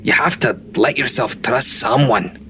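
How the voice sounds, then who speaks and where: Man as burly dwarf fighter, gruff, fatherly, mid pitch, for a tabletop game. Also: unhurried, sharp tone, slight background noise. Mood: gentle. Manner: gruff, calls people lass. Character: gruff burly male dwarf fighter, stubborn but protective.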